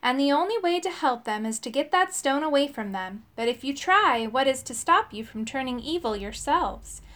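A woman voicing a mysterious, wise old woman giving calm advice in a storybook. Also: high voice, normal speed. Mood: advising. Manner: calm, advising.

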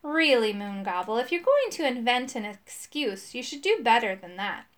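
A woman's voice: fairly high pitch, big pitch swings. A woman voicing a smug, rule-bound male wizard who sneers and mocks in a storybook reading. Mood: sneering. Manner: sneering, slow and mocking.

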